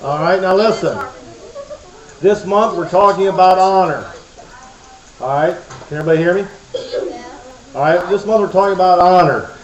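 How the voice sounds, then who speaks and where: A man's voice: high-pitched, normal speed, pauses often. A man presenting to a children's church crowd in a playful, joking, chatty way. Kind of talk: comic talk to a kids' audience. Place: church hall before a crowd of kids. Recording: echoey hall, muffled sound.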